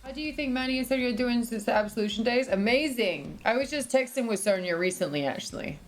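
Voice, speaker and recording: A giggly British woman livestreamer with a high voice chats casually and reads out chat, speaking fast with lively intonation over soft background music. Her British accent has turned partly American after years in the US, and she's chatty, swears freely, and coos at her dog.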